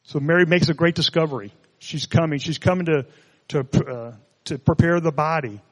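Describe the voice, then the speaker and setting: Male preacher, relaxed and conversational, slightly raised pitch, reverberant hall. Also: moderate pace. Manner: conversational, joking asides. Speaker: pastor. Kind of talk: sermon.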